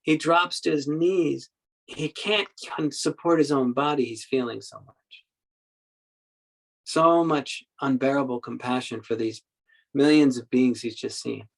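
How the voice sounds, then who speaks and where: Male meditation teacher at a dharma talk, mid-pitched, halting storyteller who repeats words for emphasis. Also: creaky, low-quality recording. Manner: acts out quoted speech in the story.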